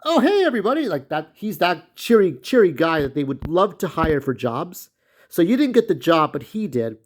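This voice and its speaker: Man, vlog host, ranting commentary, swears a lot, rambling, restarts often, somewhat high voice. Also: animated, moderate pace. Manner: profane, rambling, with frequent restarts. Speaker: channel host.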